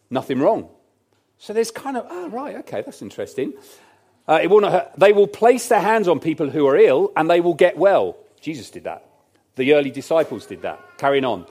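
A man's voice: high-pitched, a little mellow. A man preaching a sermon in a church, conversational and emphatic, with jokey asides to the congregation.

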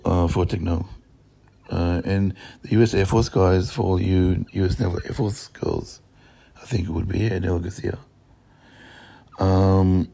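A man in a profane, rambling monologue that jumps between topics and swings between loud outbursts and low mutters. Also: gravelly, slightly rough.

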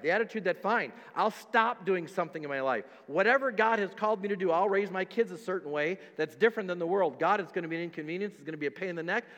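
A pastor preaching a sermon, emphatic and repetitive, dropping to quiet stretches between louder ones. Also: male voice, high voice, in a large hall. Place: church sanctuary.

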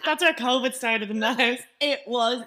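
Young woman, podcast co-host, bright tone, giggly anecdotal chat. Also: on the high side, normal speed. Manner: laughing storyteller, banters. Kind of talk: casual chat.

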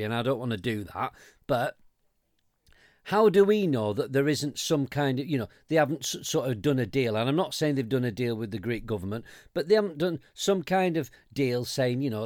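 A man's voice: mid-range voice, darkish tone, no room sound, studio quality. An English man co-hosting a podcast, ranting in casual chat, swearing and stumbling over restarts while mocking the people he quotes. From England. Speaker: podcast co-host.

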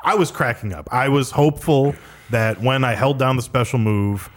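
Enthusiastic male co-host, casual chat, everyday medium pitch. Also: normal speed. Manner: enthusiastic, excitable. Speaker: podcast co-host. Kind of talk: casual chat about a retro video game.

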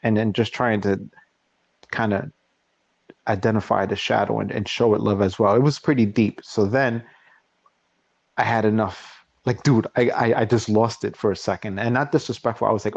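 A man's voice: lowish voice, steady tone, moderate pace, vocal fry, darkish tone, dry recording. Man telling a story on a podcast. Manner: storytelling, acting out both sides of a quarrel. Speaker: podcast host. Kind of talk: casual chat. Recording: dull, dry lo-fi recording.

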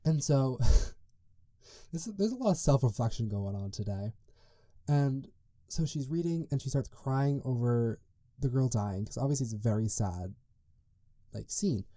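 A man's voice: mid-range voice, animated, a little slow, long pauses, mellow, no echo, studio quality. A young man hosting a solo podcast, telling stories in a chatty, rambling way full of "like" and side tangents. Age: young adult. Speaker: podcast host. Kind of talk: casual solo podcast storytelling.

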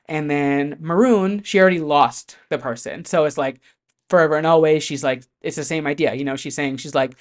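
Chatty, animated pop-music vlogger. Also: mid-range voice, normal speed. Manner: chatty, animated, heavy on fillers and swearing. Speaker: pop music commentator host. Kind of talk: casual chat to camera.

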